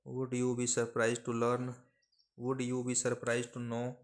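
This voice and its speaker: Male dictation reader, flat and very slow, spacing out words for transcription drills. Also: medium pitch. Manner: measured, monotone delivery of isolated phrases. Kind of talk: slow dictation of word lists.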